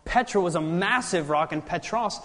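A man reading scripture slowly and deliberately, then explaining it in a bible study. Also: high-pitched, animated, fairly bright tone, big-room sound.

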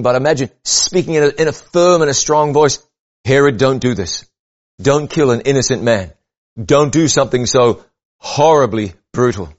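A man preaching a sermon, earnest and measured, rising and falling for emphasis. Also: mid-range voice, muffled recording.

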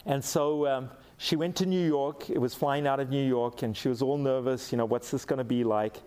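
Middle-aged male pastor from Africa, animated storyteller, mid-range voice. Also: medium pitch, normal speed, clear, resonant tone. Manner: animated storyteller, acts out quoted lines. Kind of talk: sermon with storytelling.

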